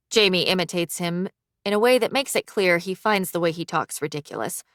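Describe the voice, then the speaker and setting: A woman narrating an audiobook in an even, measured way. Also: lowish voice, dry recording, studio quality. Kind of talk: scripted narration.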